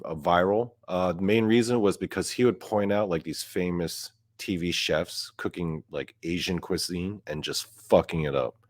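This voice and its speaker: Young man, deep low voice, profane comedic rant, dry close mic. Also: dry recording. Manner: profane, gets louder and higher when outraged. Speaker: podcast host. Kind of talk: ranting comedic monologue.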